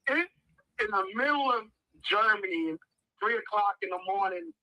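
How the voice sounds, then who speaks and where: Against crowd noise on a rough recording, a man in his 50s from the United States tells casual stories as a podcast guest, animatedly doing the voices of the people involved. His voice sits high and he talks a little slowly.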